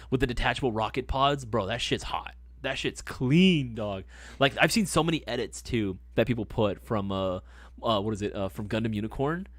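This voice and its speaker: A man hosting a livestream, chatting casually and rambling through stories with lots of swearing and excited gushing. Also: medium pitch, no echo. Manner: profane, rambling storyteller; excitable, gushing about hobbies. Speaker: livestream host.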